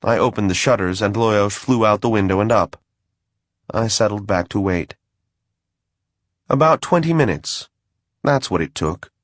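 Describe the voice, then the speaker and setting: A man's voice: lowish voice, expressive, measured pace, pauses often, no room sound. A man reading a first-person fantasy audiobook in a dry, wry manner. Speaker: audiobook narrator.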